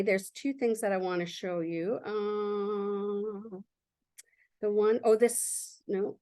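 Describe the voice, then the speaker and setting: A woman giving a casual workshop walkthrough, reading her prompts aloud and talking about the results with enthusiasm. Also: a little high. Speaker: workshop presenter.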